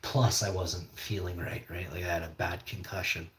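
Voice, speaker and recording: A man's voice: sits low, steady tone, moderate pace. A man tells a personal story in a loose, meandering way, leaning on fillers and tossing in curses as he goes. He is recorded in a room with a noticeable echo. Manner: rambling, swears casually, many fillers. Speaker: podcast host. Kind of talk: casual storytelling. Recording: echoey room.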